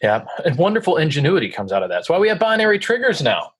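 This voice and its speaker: Husky, enthusiastic podcast host. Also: male voice, a little high, sing-song, fast, a bit bright. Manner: upbeat, enthusiastic, laughs often. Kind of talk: casual chat.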